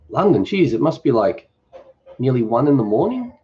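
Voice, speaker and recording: A man's voice: mid-range voice, big pitch swings, moderate pace, warm tone, dull audio. A man hosting a cooking channel's live Q&A. He reads viewer comments aloud and answers them in an easygoing, off-the-cuff way. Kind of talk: casual live-stream Q&A.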